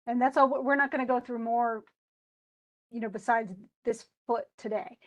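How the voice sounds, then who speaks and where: A woman's voice: on the high side, steady tone, normal speed. A woman teacher giving a casual, chatty lecture, often restarting and correcting herself as she explains. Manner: chatty, self-correcting, enthusiastic.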